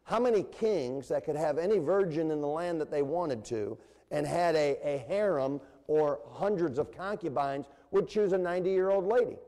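Animated male preacher in an echoing church. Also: a little high, moderate pace. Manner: animated preaching with call-and-response and playful voices. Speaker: pastor. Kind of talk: sermon. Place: church sanctuary. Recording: long reverb of a church hall.

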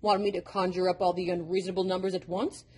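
A woman's voice: on the low side, flat delivery, fast talker, a little mellow, husky. A woman playing an impatient know-it-all devil. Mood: teasing. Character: impish, impatient male number devil.

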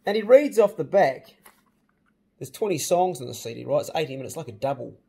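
A middle-aged man with a New Zealand accent, hosting a casual vlog and chatting excitedly with plenty of mild swearing. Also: a little high, fairly quick, gravelly, slightly rough. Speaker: channel host.

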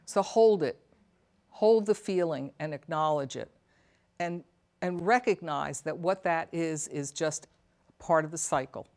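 A woman with a low, grounded voice talks earnestly to a room of caregivers. She is middle-aged and speaks as a psychotherapist and elder care coach. She is reflective and often turns to the audience with questions. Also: measured pace, a little mellow. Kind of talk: talk to a caregivers' support audience.

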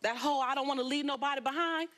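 A woman with a notably high voice tells her life story as a talk show guest. She is from Los Angeles and speaks in an animated, emphatic way. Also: racing, a little hiss or hum. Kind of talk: storytelling interview.

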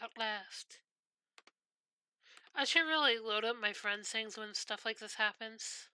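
A woman's voice: on the high side, normal speed, sharp tone, clean tone, no echo. A woman streaming a game, chatting casually and telling rambling, profane stories.

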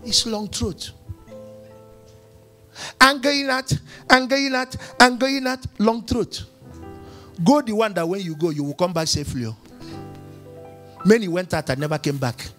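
A man's voice: high voice, measured pace, long pauses, pushed and bright, faint music behind. A man preaching a sermon in church, firing questions at the congregation and acting out little dialogues. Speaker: pastor.

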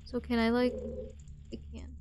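A woman playing a video game and commenting on it, speaking softly and half whispering in quiet parts. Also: a little high, completely flat delivery, moderate pace, background noise. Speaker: gamer.

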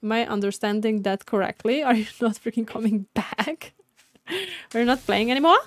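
A woman streaming a survival game, chatting casually with teammates, laughing often and yelling when things go wrong. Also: on the high side, normal speed, no echo. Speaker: gaming streamer. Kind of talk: casual let's-play commentary.

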